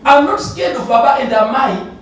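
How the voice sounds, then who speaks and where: Man from Zimbabwe, church elder, very high voice, testimony in a roomy hall. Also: moderate pace. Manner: animated, laughing, repeats himself. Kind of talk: conference testimony. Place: large conference hall. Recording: echoey hall from far off, faint noise.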